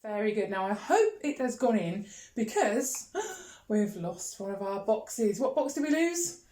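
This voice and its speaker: A music teacher leading a children's rhythm lesson, chanting rhythm names, counting in and praising. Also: female voice, mid-range voice, big pitch swings, unhurried, dark tone. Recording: echoey room with faint noise.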